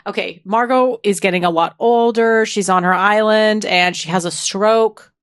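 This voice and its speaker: A woman co-hosting a podcast, retelling episodes in an animated, gushing way with frequent laughs. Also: mid-range voice, normal speed, smooth, no echo, studio quality. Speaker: podcast co-host. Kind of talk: casual recap chat.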